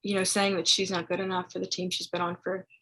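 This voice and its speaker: A woman's voice: lowish voice, flat delivery, fast talker, sharp tone, low-quality recording. A young woman telling her story as a podcast guest, chatty and casual, with many fillers. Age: young adult.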